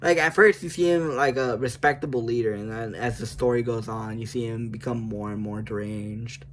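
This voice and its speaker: A man talks loosely into the camera for his video, wandering from thought to thought. He laughs often and pokes fun at himself as he goes, in a voice of ordinary middle pitch with a faint hum behind it. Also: normal speed. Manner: rambling, laughing often, self-mocking. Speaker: video creator. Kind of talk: casual chat about a video game.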